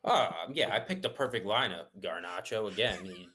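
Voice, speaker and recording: A man with a low but bright, forward voice speaks as a guest in a casual chat. He rambles through his answers, restarting and padding them with fillers. He sounds easygoing and unhurried. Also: animated.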